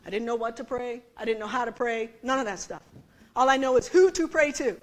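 A woman preaching a sermon, telling a story in a chatty, animated way and laughing with the congregation. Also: fairly high pitch, fairly quick. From United States.

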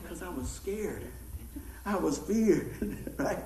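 A man preaching a sermon, folksy and animated, telling stories and acting out voices. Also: high-pitched, takes it slowly, echoey room, crowd noise, low-quality recording. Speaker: pastor. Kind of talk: sermon with storytelling.

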